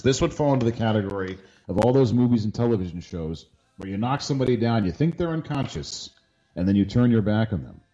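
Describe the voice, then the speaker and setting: A male podcast host with a lively, swinging delivery, cracking dry jokes in casual chat. The recording sounds a bit dull and lo-fi. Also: lowish voice. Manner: dry, joking.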